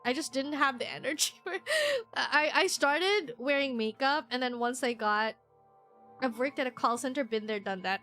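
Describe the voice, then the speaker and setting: Bright, rambling young woman streamer. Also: sits high, normal speed, soft background music. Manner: rambling and self-deprecating, with frequent restarts and giggles. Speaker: VTuber streamer. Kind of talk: casual chat while streaming a game.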